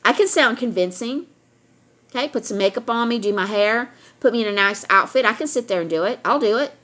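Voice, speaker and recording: A woman's voice: a little high, expressive, fairly quick, a bit bright. Emphatic woman lecturing her viewers. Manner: emphatic, lecturing, repeats points. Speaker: vlogger addressing viewers. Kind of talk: direct-to-camera rant.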